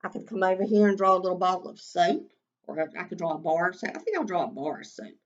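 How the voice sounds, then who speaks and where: A woman's voice: on the low side, expressive, muffled recording. Woman teaching kindergarten writing. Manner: slow, sing-song teacher talk, stretching out sounds. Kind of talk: recorded writing lesson for young children.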